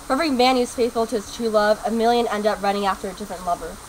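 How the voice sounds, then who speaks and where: A woman's voice: mid-range voice, fairly even intonation, rapid-fire, a little hiss or hum, close to an everyday voice, poor audio. A woman playing a sly, mischievous servant sprite who enjoys chaos. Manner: sly, amused.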